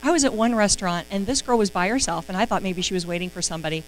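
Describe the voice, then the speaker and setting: A woman's voice: mid-range voice, racing, slight background noise, poor audio. Earnest woman sharing a heartfelt story. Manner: earnest, heartfelt, near tears. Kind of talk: encouraging story in a live stream talk.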